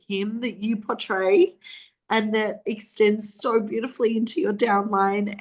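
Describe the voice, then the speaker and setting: A woman hosts a team video call and pours out heartfelt praise for a colleague. She talks in an effusive, celebratory way over a video call connection. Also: medium pitch. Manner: effusive, warm praise with laughter. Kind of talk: enthusiastic recognition speech on a video call.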